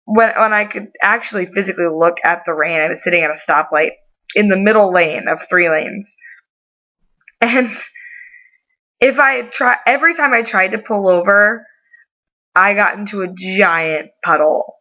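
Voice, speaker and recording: A young adult woman telling a story in a casual vlog, animated and given to over-the-top dramatizing. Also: medium pitch, moderate pace. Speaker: vlogger. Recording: slightly muffled lo-fi audio.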